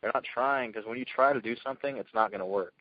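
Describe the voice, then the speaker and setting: A man telling his success story as a guest speaker, energetic and earnest, in casual storytelling. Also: mid-range voice, quick pace, no room sound, highs cut off. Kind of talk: motivational call talk.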